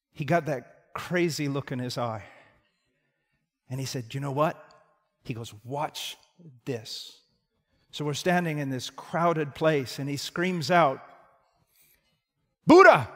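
A man in his sixties preaching a sermon, moving between forceful emphasis and hushed tones and repeating his key phrases. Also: on the high side. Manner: dramatic swings from loud emphasis to hushed tones. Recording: long hall reverb.

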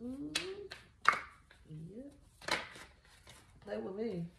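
A woman's voice: fairly high pitch, lively intonation, very slow, gravelly, very noisy. A woman giving a casual tarot reading, blunt and profane, mocking and laughing often. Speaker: tarot reader. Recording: echoey room.

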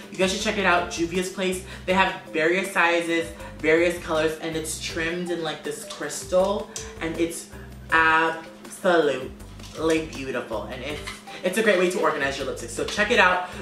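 A man in his twenties chatting to camera as a beauty vlogger, quick, sassy and emphatic. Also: on the high side, pushed and bright. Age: 20s. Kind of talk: casual chat to camera. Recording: echoey room, distant mic, music behind.

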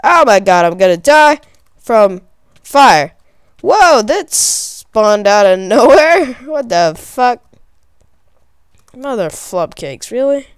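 A woman giving excitable, profane commentary while playing a game, often shrieking in panic. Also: fairly high pitch, slow pace, pauses often, clean tone, no room sound, clean studio sound. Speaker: gamer. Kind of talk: let's play commentary.

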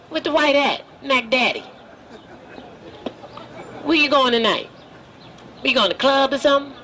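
A man's voice: very high voice, bright, forceful tone, exaggerated voice. A man voicing a cheeky, streetwise wooden dummy, teasing strangers on a busy city street. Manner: brash, flirty, wisecracking. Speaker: ventriloquist's dummy. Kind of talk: street comedy teasing passersby. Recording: street crowd noise behind.

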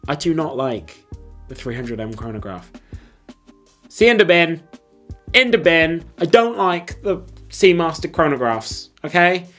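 A man's voice: on the high side, big pitch swings, unhurried, long pauses, a bit bright, soft background music. Slangy, blunt male watch vlogger. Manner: blunt, slangy and enthusiastic, with frequent fillers. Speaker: host. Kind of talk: casual watch ranking video.

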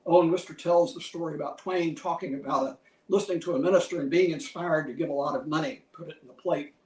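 Man, lecture, measured scholarly delivery, slightly high voice, roomy hall, distant mic. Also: steady tone, a little mellow. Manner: measured, scholarly, lists many quotations. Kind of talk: museum lecture.

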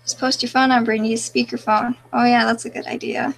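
A woman's voice: on the high side, little pitch movement, a little fast, creaky. A woman live streaming in casual chat, reading out viewer comments and answering them in an offhand, mumbling way, with a crackly voice.

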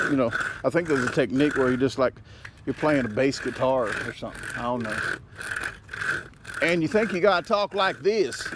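A man's voice: mid-range voice, background noise. A man hosting a casual outdoor vlog, rambling and joking with lots of fillers, recorded on an action camera in the woods. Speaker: vlogger.

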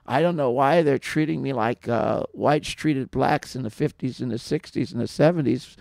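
A man talking in a casual, rambling monologue, telling stories with many restarts and growing louder when aggrieved. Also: medium pitch, moderate pace, creaky, dry recording, studio quality. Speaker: podcast subject telling stories.

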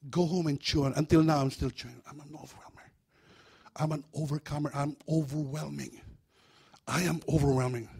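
Pastor guy preaching, funny and animated, kinda high voice. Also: slightly rough. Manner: animated, humorous, acts out voices. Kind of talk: sermon. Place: church.

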